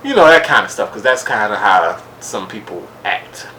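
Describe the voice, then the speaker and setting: A man talks through a TV episode in a loose, rambling way, with sarcastic asides. His voice sits a little low. A faint hiss of noise runs under the recording. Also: animated, moderate pace, pushed and bright. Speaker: podcast reviewer. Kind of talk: casual solo recap.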